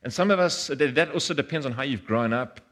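A man's voice: mid-range voice, quick pace, fairly bright tone. A man, preaching a sermon in an earnest way, often repeating words and acting out voices. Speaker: pastor.

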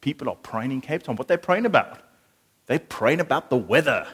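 Animated preacher. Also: male voice, mid-range voice, moderate pace, breathy edge. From South Africa. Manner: animated, shifts from excited to hushed and earnest. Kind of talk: sermon.

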